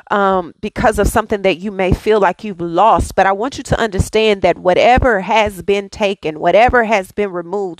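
A woman's voice: mid-range voice, dry recording. A woman hosting a daily devotional, speaking with fervent, repetitive affirmations and casual asides to her listeners. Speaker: devotional host.

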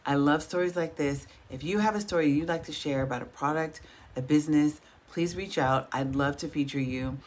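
Low-voiced woman hosting, lively storyteller. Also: fairly quick. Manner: lively storytelling, laughs often. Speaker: host. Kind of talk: casual interview over video call. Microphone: video call.

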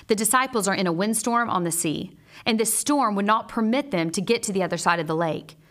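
A woman and mother teaching a Bible lesson in a measured, earnest way, mixing scripture with personal stories. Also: mid-range voice, fairly bright tone.

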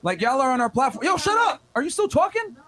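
Fast-talking stern male producer. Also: extremely high pitch, very animated, a crowd in the background. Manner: stern, profane, lays down rules. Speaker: podcast producer. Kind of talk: scolding guests on a live podcast.

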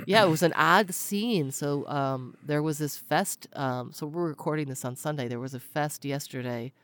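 A woman's voice: deep voice, moderate pace. A woman hosting a podcast, chatting casually with a teasing, jokey manner. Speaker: podcast host.

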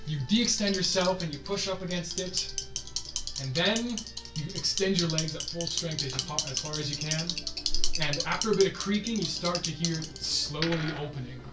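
A man's voice: fairly high pitch, normal speed. A man running a tabletop role-playing game, describing the action step by step as game master. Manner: vivid, step-by-step scene narration. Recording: music playing under the voice. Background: background music.

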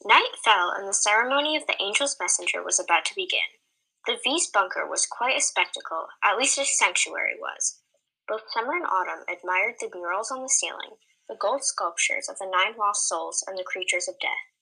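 A woman co-hosting a podcast, reading a fantasy story aloud in a steady, measured way. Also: medium pitch, gravelly, husky, rough recording. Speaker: podcast co-host and story reader.

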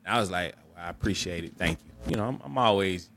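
A man's voice: low-pitched, fast, fairly bright tone, a little hiss or hum. A man co-hosting a podcast, candidly telling a personal story in an earnest, reflective way and often restarting and repeating words. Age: adult. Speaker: podcast co-host.

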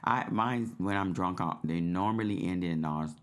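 A man's voice: deep voice, moderate pace, fairly bright tone. A man co-hosting a podcast in casual chat, talking hesitantly with many restarts. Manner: hesitant, many fillers and restarts, gives frequent backchannel replies. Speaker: podcast co-host.

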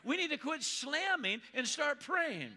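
A man preaching from the pulpit with a high-pitched, bright, ringing voice. He slows right down to repeat his main points and reads scripture with weight. Between readings he drops into casual asides and asks the congregation for an amen. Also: very animated. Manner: emphatic, repeats key lines slowly; reads scripture slowly and deliberately. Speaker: pastor. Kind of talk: sermon.

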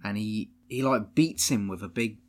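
A man's voice: lowish voice, darkish tone. Male podcast co-host, chatty film recap, laughs a lot, swears freely, jumps into silly voices. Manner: laughs often, swears, acts out scenes in quick voices. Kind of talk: casual film recap chat.

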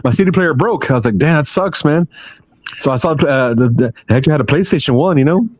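A man's voice: a little high, animated, brisk, dry recording. A man co-hosting a podcast, teasing his friend with profane, insistent banter. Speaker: podcast co-host. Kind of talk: casual banter.

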